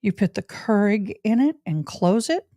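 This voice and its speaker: A woman's voice: mid-range voice, big pitch swings, moderate pace, dark tone, no room sound, clean studio sound. A middle-aged woman, chatting casually and personally to her livestream viewers. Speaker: livestream host.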